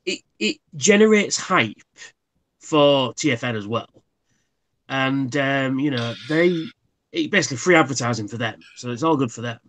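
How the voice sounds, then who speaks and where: A man's voice: medium pitch, lively intonation, normal speed, fairly bright tone. A man, a livestream guest, telling anecdotes casually and acting out what people said. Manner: anecdotal, acts out quotes. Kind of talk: casual chat.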